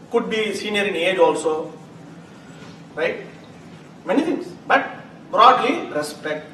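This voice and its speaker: A man teaching a live chanting class, animated and laughing often as he acts out examples. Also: high voice. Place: classroom hall. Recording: roomy, distant mic, noisy.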